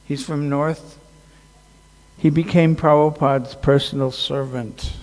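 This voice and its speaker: A man giving a casual devotional talk at a festival, halting and joking, with many fillers. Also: on the high side, steady tone, darkish tone. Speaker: speaker at a temple festival. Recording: long hall reverb.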